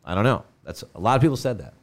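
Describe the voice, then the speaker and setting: Brief: male podcast co-host, relaxed storyteller, casual and profane. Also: lowish voice, very fast. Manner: laid-back, profane storyteller.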